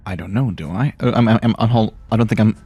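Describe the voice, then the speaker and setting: A man's voice: on the low side, fast, mellow, breathy edge, no echo. A man in his forties playing a tabletop game, stumbling and hesitating as he describes his character. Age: 40s. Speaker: player.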